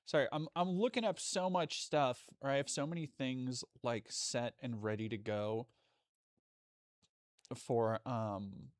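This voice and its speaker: A man's voice: medium pitch, unhurried, no room sound, clean studio sound. A man live streaming, chatting with his viewers in a rambling way, cutting himself off and swearing now and then. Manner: rambling, self-interrupting, swears casually. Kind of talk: casual live-stream chat.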